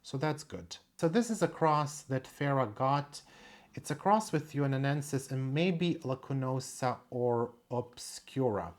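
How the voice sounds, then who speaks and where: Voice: medium pitch, expressive, measured pace. A plant collector in a casual show-and-tell vlog at home, chatting in a meandering way and thinking aloud while showing each plant.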